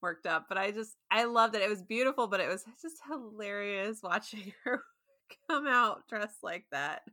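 Bright-voiced giggly woman. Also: mid-range voice, moderate pace, no echo, studio quality. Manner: giggly, exclaims often. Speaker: podcast co-host. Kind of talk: casual chat.

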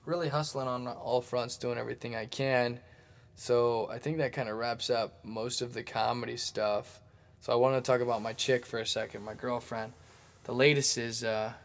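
A man's voice: lowish voice, fairly bright tone, a little hiss or hum. A young man, hosting a casual solo podcast from his apartment, rambling and poking fun at himself. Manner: rambling, self-mocking, chatty. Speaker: podcast host. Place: apartment room.

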